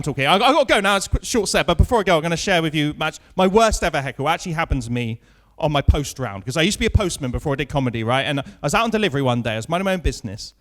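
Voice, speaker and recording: With a somewhat bright voice on the high side, a thirtysomething man performs stand-up at a comedy club, trading remarks with the audience and telling dry, self-deprecating stories that end in punchlines.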